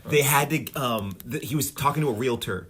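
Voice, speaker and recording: A man's voice: medium pitch, fairly quick, slightly rough. A man co-hosting a podcast, retelling a comedy episode in casual chat. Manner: animated storyteller, acts out scenes. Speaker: podcast co-host.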